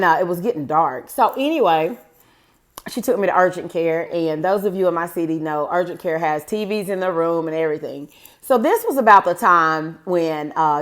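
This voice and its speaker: A woman in her forties telling a personal story to her viewers in a chatty, rambling way, often calling them "guys". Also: lowish voice. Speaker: vlogger. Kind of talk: casual storytime to camera.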